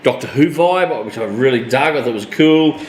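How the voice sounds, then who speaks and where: A middle-aged Australian man co-hosting a casual live show, animated, swearing freely and laughing often. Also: medium pitch, normal speed, reverberant. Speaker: co-host. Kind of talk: casual live-stream chat.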